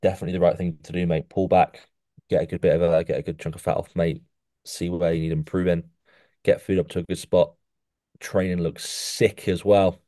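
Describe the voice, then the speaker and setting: Tiefe Stimme, Mann, der ständig „mate“ sagt. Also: male voice, low voice, fairly quick, no echo, clean studio sound. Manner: says "mate" constantly, animated coaching tone. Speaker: podcast co-host rating physiques. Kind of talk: casual chat. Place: podcast studio.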